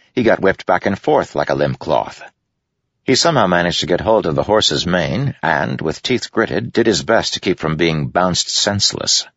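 Gravelly, very deep-voiced male narrator. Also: fairly bright tone, no room sound. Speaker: audiobook narrator. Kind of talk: scripted narration. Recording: dry, dull lo-fi sound.

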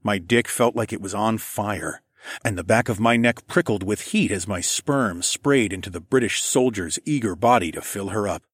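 A man narrating a first-person story in a steady, even storytelling voice. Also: fairly low pitch, husky, dry recording, clean studio sound. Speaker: audiobook narrator.

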